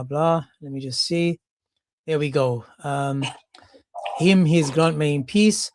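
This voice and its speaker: A man's voice: on the high side, darkish tone, no echo, clean studio sound. A man hosting a heated live-stream debate, combative and mocking, often cutting others off. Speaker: debate host.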